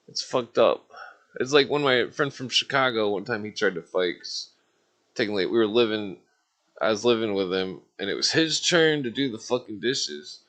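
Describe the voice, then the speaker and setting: A man's voice: medium pitch, fairly bright tone. A man calling in to a live stream, telling rambling stories in casual talk, swearing constantly and filling gaps with filler words. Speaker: caller on a live call-in stream.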